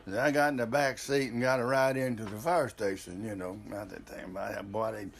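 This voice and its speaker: A man's voice: mid-range voice, fairly quick. An older man, telling a family story in a rambling, casual way with frequent restarts.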